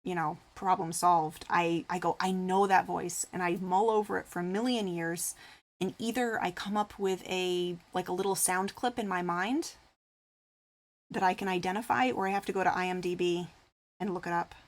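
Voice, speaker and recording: A woman's voice: on the low side, moderate pace. Chatty woman streamer, rambling. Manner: rambling and chatty, full of "like" fillers; reads viewer comments aloud and answers them. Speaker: craft streamer. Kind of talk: casual chat with live viewers.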